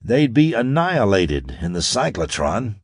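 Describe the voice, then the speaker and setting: A man's voice: lowish voice, sing-song, unhurried, slightly rough, no echo, clean studio sound, exaggerated voice. A man voicing a confident young space hero in an audiobook, wry, clipped and commanding.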